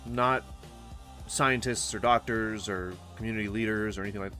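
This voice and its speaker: A man giving casual reaction commentary, rambling with halting restarts and blunt skeptical asides that include swearing. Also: lowish voice, steady tone, sharp tone, soft background music. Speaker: commentary streamer reacting to a paranormal podcast.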